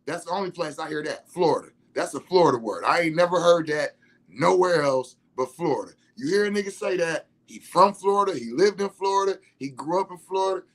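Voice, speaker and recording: Guy rambling casually, kinda higher voice, slangy, laughs a lot. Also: brisk. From Detroit, USA. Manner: relaxed, laughing, slangy, many restarts. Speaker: vlogger. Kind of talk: casual storytelling monologue.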